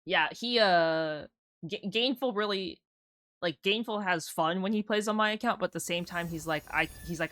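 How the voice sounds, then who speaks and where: A woman streamer chats casually while she plays, her tone bright and a touch low, wandering from story to story and acting out little back-and-forths with a friend. Soft game music hums behind her. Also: moderate pace. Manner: rambling, chatty storytelling, acting out quotes of friends. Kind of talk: casual live-stream chat while gaming.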